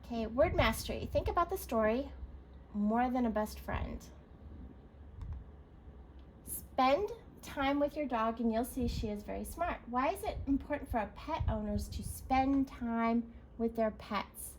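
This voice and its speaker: A woman's voice: on the high side, unhurried, a little hiss or hum, low-quality recording. A woman teacher leading a recorded reading lesson for young children, encouraging and spelling words out letter by letter.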